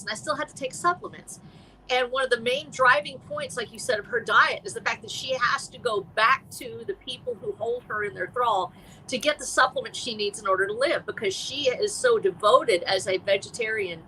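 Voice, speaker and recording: Bright-voiced woman chatting. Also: fairly high pitch, slight background noise, poor audio. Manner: rambling, animated, with restarts. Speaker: author guest on a live stream. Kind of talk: casual chat.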